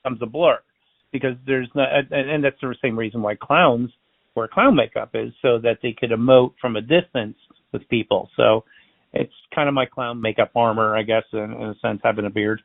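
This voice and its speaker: Brief: friendly storyteller man, gravelly voice, dry close sound. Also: mid-range voice, fairly quick, no echo. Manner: chatty, animated storyteller acting out dialogue. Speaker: balloon artist and magician. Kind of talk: casual interview storytelling. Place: based in Florida. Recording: tinny phone-line sound.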